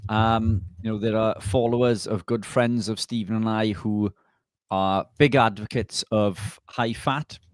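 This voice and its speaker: A man who works as a nutritionist answers live viewer questions plainly and directly. His voice sits fairly low. The recording is dry with little room sound. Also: steady tone, a little slow, no room sound. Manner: direct, explanatory. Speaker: nutritionist guest co-host.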